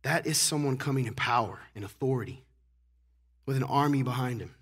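A hoarse, congested man preaching a casual sermon to a church congregation, teasing the crowd and asking rhetorical questions. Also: mid-range voice, brisk. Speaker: pastor. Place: church sanctuary.

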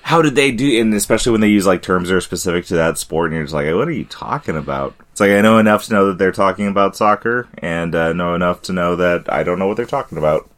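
Deep-voiced man in relaxed podcast chat. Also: quick pace, few pauses. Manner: relaxed, chatty, laughing often. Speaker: podcast co-host. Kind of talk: casual chat.

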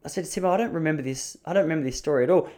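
A man in his thirties, chatting as a podcast host. He tells comic stories in a self-mocking way, and his pitch leaps up whenever he stresses a point. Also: very fast. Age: 30s. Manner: animated, self-mocking, pitch jumping up for emphasis. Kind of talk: casual comedic storytelling.

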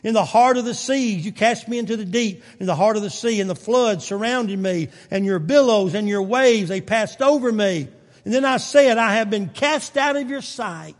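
Pastor preaching in an echoing hall. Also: male voice, high-pitched, normal speed. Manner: preaches with swings from quiet to loud, with folksy asides. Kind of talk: sermon. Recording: long reverb of a church hall.

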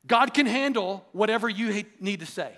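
A pastor preaching a sermon, in an earnest, emphatic style that repeats phrases for weight. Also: male voice, high-pitched, animated, normal speed, a bit bright.

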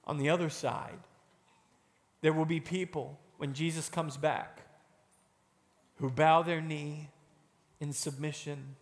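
A man giving a children's sermon, telling a story and acting out quotes with animated delivery. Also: on the high side, slow pace, pauses often. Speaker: children's pastor. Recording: long hall reverb.

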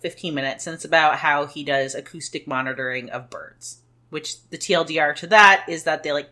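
Seorang wanita paruh baya dari Amerika Serikat, pembawa acara podcast, mengobrol santai dan bercerita dengan hidup sambil menirukan ucapan orang. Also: female voice, low voice. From United States. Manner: animated storytelling with voiced quotes. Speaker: podcast co-host. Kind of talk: casual chat.

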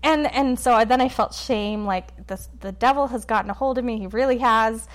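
A woman guest on a podcast, telling a personal story in a quick, animated way and acting out what others said. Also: a little high. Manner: animated, quick storyteller who acts out quotes. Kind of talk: conversational storytelling interview.

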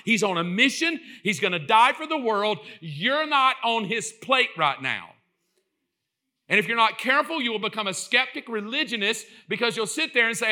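Man preaching a sermon, high voice, very bright and forceful, animated, acts out voices. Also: moderate pace. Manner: builds to impassioned shouting.

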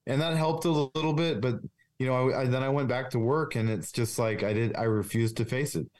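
A police officer speaking as a guest in a candid interview, earnest and confessional, with many restarts and fillers. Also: male voice, mid-range voice, fairly quick, a little mellow.

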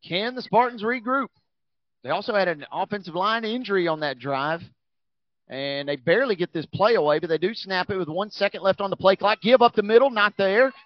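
High-pitched excited football announcer man. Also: fairly quick, no echo, highs cut off. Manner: energetic, rising on big plays. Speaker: play-by-play announcer. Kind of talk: high school football commentary.

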